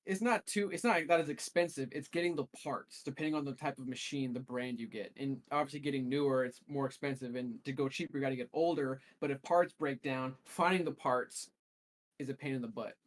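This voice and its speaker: A man's voice: mid-range voice, brisk. A man telling a long, rambling story as a co-host in a casual podcast chat. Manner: rambling storyteller, restarts often.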